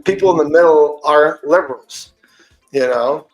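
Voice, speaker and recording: A podcast host, a man, retelling an online argument in a casual, animated and profane way. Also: on the high side, normal speed, reverberant, soft background music, poor audio. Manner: animated, profane, indignant storytelling.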